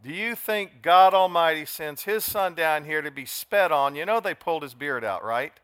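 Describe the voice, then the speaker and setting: Older male pastor, drawl, bright and slightly high voice, dramatic sermon delivery. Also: lively intonation, moderate pace, clean tone, dry recording, studio quality. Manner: dramatic, shifts from soft to shouting.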